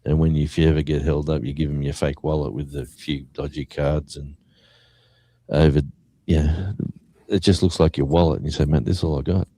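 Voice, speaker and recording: A man's voice: rumbling low, moderate pace, no echo. An Australian man, a guest musician, telling a story in casual chat and acting out what people said. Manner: animated storyteller acting out quotes.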